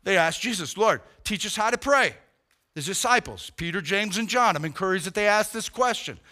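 A man's voice: high-pitched, lively intonation, moderate pace, sharp tone. A male pastor preaching a sermon in an emphatic, direct way, talking to his congregation.

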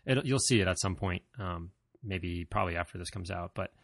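This vlogger, a man with a low, gravelly, slightly bright voice, speaks a little fast as he casually wanders through a personal story, correcting himself, using plenty of fillers and poking fun at himself. It's studio-quality audio with no room sound.

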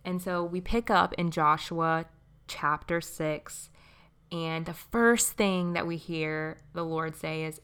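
A young woman hosting a devotional podcast, talking casually and warmly, often laughing and calling the listener friend. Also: fairly low pitch, steady tone, slow, smooth. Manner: warm, chatty, laughs often, says friend. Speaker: podcast host.

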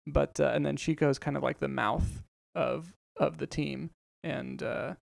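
A man's voice: mid-range voice, steady tone, unhurried, gravelly, dry recording, studio quality. A man co-hosting a podcast in casual chat, explaining at length with many fillers. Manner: explains at length with many ums and you-knows. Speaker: podcast co-host.

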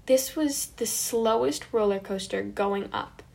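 A woman telling a personal story in a dramatic, animated and self-mocking way. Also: medium pitch, measured pace, gravelly. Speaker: vlogger.

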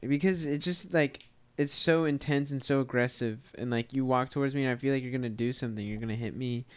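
A young man co-hosting a casual podcast tells a rambling story full of fillers. His mid-range voice is fast with a clean tone.

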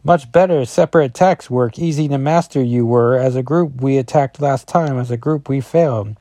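A man's voice: mid-range voice, normal speed, warm tone, dry recording, clean studio sound, close to an everyday voice. A man voicing a scheming male werewolf who speaks with inverted word order while reading a comic aloud. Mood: gloating. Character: scheming male werewolf pack, odd backward speech.

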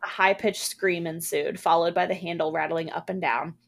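A woman podcast co-host reading a horror story aloud in a hushed, steady manner. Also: on the low side, moderate pace, vocal fry.

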